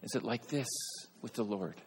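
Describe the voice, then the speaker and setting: A man preaching a sermon in an earnest way, rising to emphatic peaks and then dropping soft. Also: medium pitch, normal speed, in a large hall, a little hiss or hum. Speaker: pastor.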